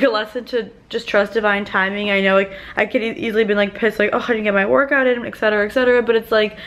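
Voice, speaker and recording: A woman vlogger talks fast and rambles, dropping "like" into nearly every sentence. Her voice sits a little high, and she sounds worn out at the end of a long day. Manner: rambling and chatty, many filler "like"s. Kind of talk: casual vlog chat.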